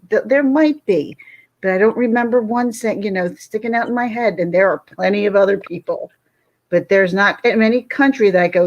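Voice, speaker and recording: A woman talking casually with a friend, her voice sitting in an everyday middle pitch. She tells stories in a chatty, unhurried way, stretching out her sentences as she goes. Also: lo-fi sound. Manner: storytelling, chatty, drawn-out pauses. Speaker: podcast co-host. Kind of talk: casual chat.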